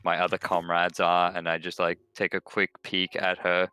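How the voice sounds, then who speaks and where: A man playing in a tabletop game, speaking slowly, hesitantly and politely. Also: low-pitched, completely flat delivery, pushed and bright, clear, resonant tone. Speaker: player. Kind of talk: tabletop role-play.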